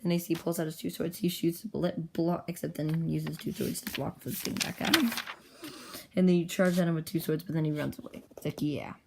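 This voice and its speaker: Using an iPad with a pop socket, a woman narrates her own comic in a low voice with vocal fry, fairly even intonation and a fairly quick pace, with background noise present. She rambles casually and chats away, teasing herself as she goes.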